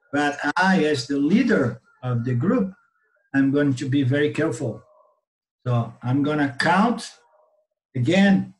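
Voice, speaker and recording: Man telling a teaching story, roomy echo. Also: on the high side. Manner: animated storyteller, loose non-native grammar. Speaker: spiritual teacher. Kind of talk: storytelling in a webinar class. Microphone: webinar computer mic.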